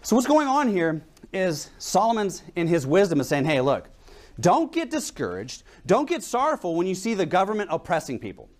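A man's voice: sits high, wildly swooping pitch, normal speed, a little mellow. A young adult man preaching a sermon in a conversational way, telling stories and asking rhetorical questions.

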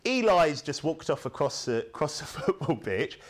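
A man preaching a sermon in a fairly high voice that swings widely up and down. His delivery is punchy and rhetorical, and he keeps tossing tag questions at the congregation to check they follow. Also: very animated, normal speed.

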